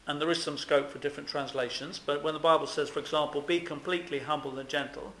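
A man's voice: fairly high pitch, steady tone, fast, sharp tone, a little hiss or hum. A man preaching a sermon in an earnest, emphatic way, with lots of rhetorical questions. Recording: echoey room.

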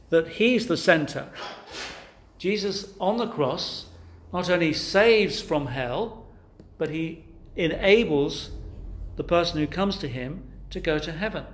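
A man preaching a sermon, asking rhetorical questions and pressing his points with emphasis. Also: on the high side.

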